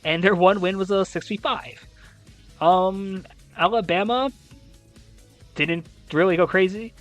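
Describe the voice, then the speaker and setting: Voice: medium pitch, measured pace, soft background music. A young adult host recapping a college esports league, reading scores and ranting with exasperated disbelief and casual swearing.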